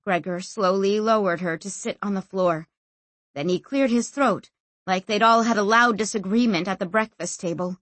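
A woman narrating a novel as an audiobook, expressive and acting out every figure. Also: medium pitch, normal speed, no room sound. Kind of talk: scripted narration.

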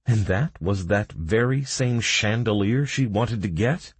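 A young man narrating a fantasy story in the first person, brisk and wry. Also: fairly low pitch, husky, no room sound. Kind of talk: audiobook narration.

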